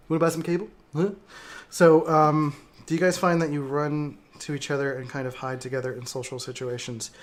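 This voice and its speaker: A man's voice: fairly high pitch, little pitch movement, fairly quick. Reflective man hosting a casual livestream. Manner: reflective, hesitant, many fillers. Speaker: livestream host. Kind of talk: casual livestream chat, reading viewer comments.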